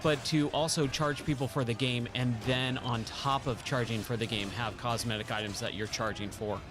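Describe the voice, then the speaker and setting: An enthusiastic man streaming a game late at night, rambling casually between the action. His voice sits at an average pitch, and his commentary is peppered with laughs and excited praise. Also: moderate pace, over music. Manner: enthusiastic, chatty, laughs often.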